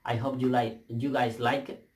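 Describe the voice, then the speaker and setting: A man's voice: mid-range voice, level tone, a little mellow, slight background noise. Heated Spanish-accented young man ranting. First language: not English. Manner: profane, emphatic, halting restarts. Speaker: vlogger. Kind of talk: heated rant to camera. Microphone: camera mic.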